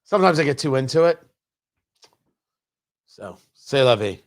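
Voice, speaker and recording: A male host on a live-streamed talk show, joking with chat viewers and often restarting his sentences. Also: mid-range voice. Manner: animated, teasing chat-reader banter; halting, restarts mid-sentence.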